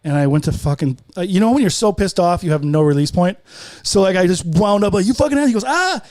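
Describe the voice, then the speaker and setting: Comedian guy rattling off crude stories fast, high voice, dry studio sound. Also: a little mellow, no echo. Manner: rambling, profane, acts out quoted voices. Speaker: guest comedian. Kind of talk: casual podcast storytelling. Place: podcast studio.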